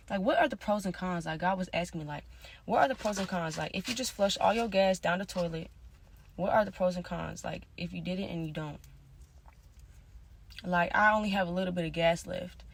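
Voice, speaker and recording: Gravelly-voiced woman rambling in slang. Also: on the low side. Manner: rambling, slangy, many "like" and "you feel me"; drifts between soft mutters and louder bursts. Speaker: vlogger. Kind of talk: casual confessional monologue.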